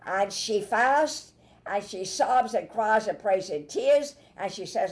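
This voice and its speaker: A woman preaching a Bible sermon, emphatic, with sudden loud bursts and soft asides. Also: medium pitch, animated, slow.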